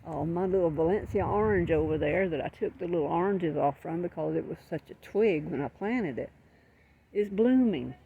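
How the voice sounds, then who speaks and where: Gravelly older Southern woman. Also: lowish voice, animated, moderate pace, narrow, tinny audio, slight background noise. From Southern United States. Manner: folksy, rambling, homespun. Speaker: garden vlogger. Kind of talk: casual garden vlog. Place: outdoor backyard garden.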